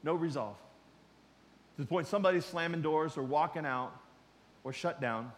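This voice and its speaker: High-voiced preacher man in a reverberant hall. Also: moderate pace. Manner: conversational preaching, swinging from loud emphasis to quiet asides. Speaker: pastor. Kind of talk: sermon.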